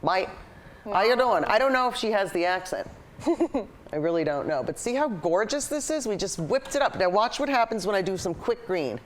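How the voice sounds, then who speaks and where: Her lively intonation and medium pitch come through a touch of hiss or hum as she talks a little fast. She's a painting show host and art teacher leading a live lesson, chatting eagerly and thinking aloud while she paints.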